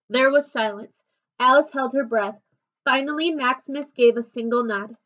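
A woman reading a children's novel aloud with expressive, unhurried narration. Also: high-pitched. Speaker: storybook reader. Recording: dull lo-fi recording.

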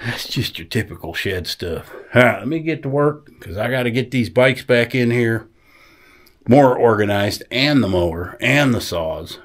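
A man's voice: medium pitch, expressive, moderate pace. A man chatting casually in a folksy, easygoing way while he works outdoors on his rural property. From American South. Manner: easygoing, folksy, talks to animals. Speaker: vlogger. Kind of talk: casual vlog narration.

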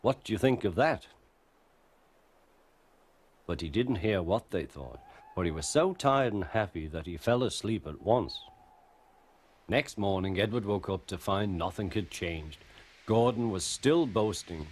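A man narrating a children's story in a gentle, lively storytelling manner. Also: sits low, a little slow.

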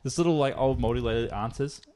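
A young man co-hosting a podcast, telling a story in casual, swearing, animated chat. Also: medium pitch. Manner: rapid, animated, laughing. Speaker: podcast co-host.

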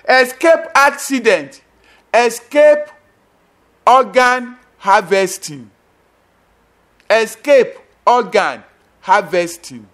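A man's voice: very high voice, fairly bright tone. A man preaching a sermon as pastor, emphatic and repetitive, with sudden bursts and drops.

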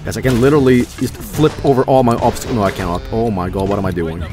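A man streaming a game, joking crudely and reacting with excitement. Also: lowish voice, quick pace. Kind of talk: live game commentary. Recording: game music behind.

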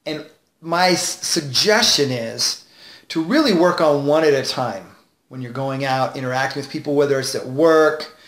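A man as a confidence coach, giving advice straight to camera with clear enunciation, shifting tonality and deliberate pauses. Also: medium pitch, a bit bright, reverberant. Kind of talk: direct-to-camera advice video.

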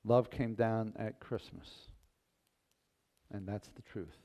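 Slow-speaking male pastor preaching. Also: fairly low pitch, steady tone, dark tone. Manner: folksy, playful, unhurried preaching. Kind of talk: sermon and closing prayer. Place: church sanctuary.

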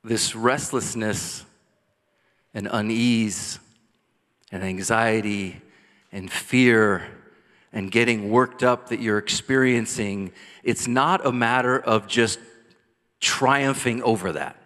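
A man's voice: on the low side, takes it slowly. Passionate male pastor in a reverberant church. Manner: passionate preaching, builds to loud cries then drops soft. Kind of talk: sermon. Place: church sanctuary. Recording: long church hall reverb.

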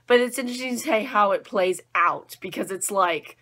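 A young woman giving a casual anime episode review, bubbly and excitable, full of "like" and "um". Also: medium pitch, moderate pace.

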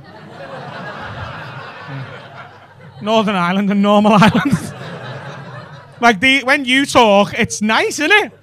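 A man's voice: high voice, lively intonation, measured pace, sharp tone, a little hiss or hum. A man doing stand-up, bantering with the crowd in a cheeky, sweary way on a comedy club stage.

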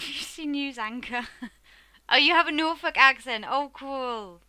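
A woman's voice: sits high, measured pace, sharp tone. A woman with an English accent chatting casually with viewers while she plays, laughing often and swearing freely. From England. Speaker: game streamer. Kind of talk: casual live-stream chat. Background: game music.

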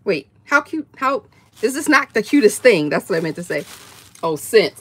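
A woman with excitedly unboxing gifts on a livestream, gushing, gasping and laughing often. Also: mid-range voice, moderate pace, breathy edge. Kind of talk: excited live unboxing chat.

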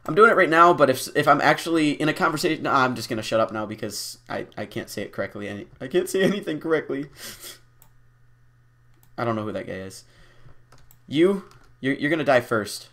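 A man's voice: medium pitch, a bit bright. Guy rambling through a lets play, goofy, laughs at himself, lots of ums. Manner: rambling and self-mocking, with frequent fillers; playful and deliberately goofy. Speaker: gameplay commentator. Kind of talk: casual Let's Play commentary.

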